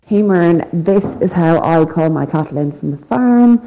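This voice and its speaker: A woman farmer sending in a voice message, lively and animated as she calls her cattle. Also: sits low, takes it slowly. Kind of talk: recorded voice message. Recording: tinny phone-line voice message.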